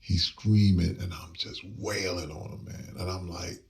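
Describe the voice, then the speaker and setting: Deep, gravelly man telling a story. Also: fairly even intonation, a little slow, distant mic. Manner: emphatic, acts out quoted lines, pitch swings up when stirred. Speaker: interview guest. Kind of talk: emotional personal storytelling.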